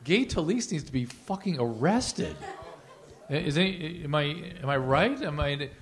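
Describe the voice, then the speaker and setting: Earnest, slightly high-voiced podcast host. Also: male voice, expressive, measured pace. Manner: earnest, emphatic, speaks with authority. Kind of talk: live podcast conversation. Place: live venue before an audience.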